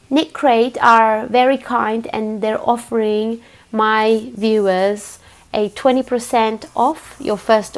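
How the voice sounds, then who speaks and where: A woman hosting a casual unboxing video for a knitting channel, with a hoarse, croaky voice. She chats easily and pauses often to find her words. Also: a little high. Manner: chatty, pausing with fillers and restarts.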